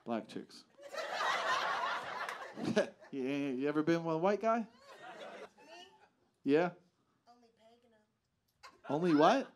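A man's voice: fairly high pitch, animated, slow pace, pauses often, heavy background noise. A man doing profane stand-up crowd work on a club stage, teasing audience members over a handheld mic. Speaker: stand-up comedian. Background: audience laughter.

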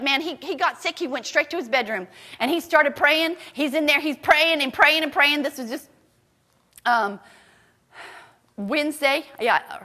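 A woman pastor preaching a sermon with fervent, loud declarations that drop into hushed storytelling. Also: high voice. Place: church sanctuary. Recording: long church-hall reverb.

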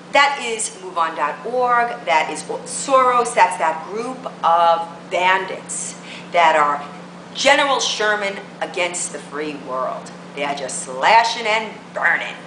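A woman's voice: mid-range voice, animated, measured pace, bright, forceful tone, echoey room, a little hiss or hum, low-quality recording. A woman political blogger delivering a combative rant to camera, full of emphatic rhetorical questions.

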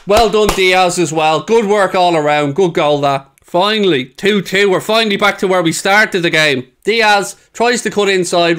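A young man reacting to football highlights, heated and swearing freely. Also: fairly bright tone. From England. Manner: heated, swearing, frequent outbursts. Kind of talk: casual match reaction commentary.

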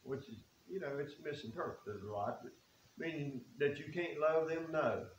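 Man, preacher, folksy and earnest, slightly high voice, echoey church room. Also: moderate pace. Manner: folksy, earnest, reads scripture aloud. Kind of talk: sermon. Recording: echoey room with faint hiss.

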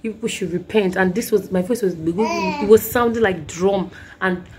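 A woman's voice: medium pitch, normal speed, crowd noise. A woman with a sore throat, earnestly recounting a dream and preaching, rambling with many restarts. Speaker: Christian vlogger.

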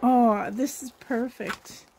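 A woman's voice: on the high side, fairly even intonation, takes it slowly, dark tone, slight background noise. A woman from Canada chatting through a doll unboxing in a gushing, effusive way, laughing often, with a slight cough and tears. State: coughing, teary. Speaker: reborn doll collector vlogger. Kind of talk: unboxing vlog chat.

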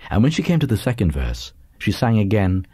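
A man narrating a literary audiobook in a measured, lively reading. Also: medium pitch, slightly rough, no room sound, clean studio sound.

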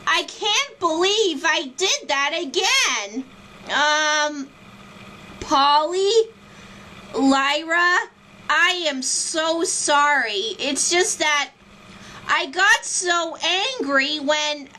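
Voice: high-pitched, expressive, extremely slow, pushed and bright, a little hiss or hum, heavily acted. A performer voicing a hot-tempered young male toy character who reacts to a cartoon with screaming, sobbing outbursts. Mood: sheepish. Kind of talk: reaction video role-play.

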